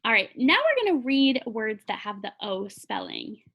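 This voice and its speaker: A woman's voice: on the high side, very animated, normal speed, vocal fry, muffled recording. A young adult woman teaching a classroom phonics lesson in a patient, sing-song teacher voice.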